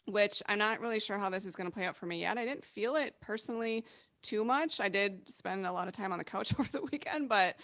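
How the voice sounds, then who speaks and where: On a podcast, a woman astrologer chats casually, laughs often, and acts out quick quoted remarks from clients. Her mid-range voice is a bit bright, with no echo.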